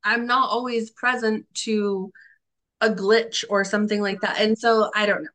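A woman's voice: medium pitch, level tone, normal speed, a bit bright. A woman salon owner as a podcast guest, talking in a rambling, self-deprecating way full of "like". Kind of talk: conversational podcast interview.

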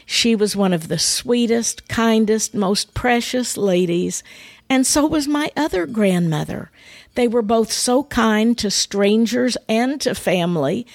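Middle-aged woman, lowish voice, folksy storyteller hosting her faith podcast, dry close mic. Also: vocal fry, dry recording. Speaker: podcast host and speaker. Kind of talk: faith-based podcast monologue.

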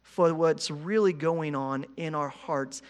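Youngish pastor guy preaching, kinda high voice, talks loose and chatty, lots of "right?". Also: slow pace. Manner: conversational, repeats words, asks "right?". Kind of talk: sermon.

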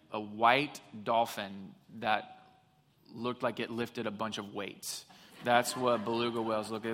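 Male pastor, bright forceful voice, humorous and emphatic sermon, echoing church hall. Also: medium pitch. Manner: humorous storytelling, emphatic preaching. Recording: long hall reverb.

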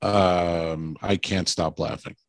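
A man's voice: low voice, steady tone, slow pace, gravelly, no echo. A man co-hosting a podcast in casual chat, rambling through stories and laughing as he tells them. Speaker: podcast co-host.

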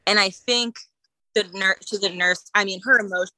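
Bright-voiced woman telling a story. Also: mid-range voice, normal speed, dry recording, poor audio. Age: late 20s. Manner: animated, laughs often, many fillers. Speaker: guest sharing her story. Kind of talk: casual conversational storytelling.

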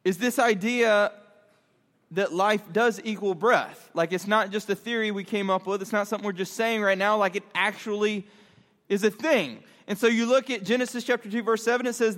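A man preaching to a youth group, animated and conversational, telling a story and laughing along. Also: sits high, moderate pace. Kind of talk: storytelling sermon. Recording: long hall reverb.

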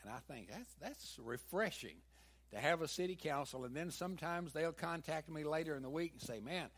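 A man's voice: on the high side, lively intonation, brisk, a bit bright. A man with a Southern US accent preaching a sermon, mixing folksy stories with emphatic peaks. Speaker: pastor.

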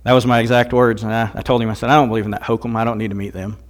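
A man's voice: mid-range voice, level tone, very fast. Older man preaching earnestly. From Missouri, USA. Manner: earnest preaching, rising to emphatic outbursts. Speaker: guest speaker. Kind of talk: sermon with personal testimony.

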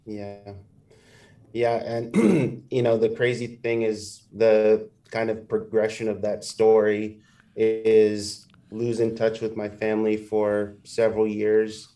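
A man sharing his personal testimony as a guest, speaking in a measured, halting way and clearing his throat. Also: fairly low pitch, level tone, warm tone, recorded from a distance.

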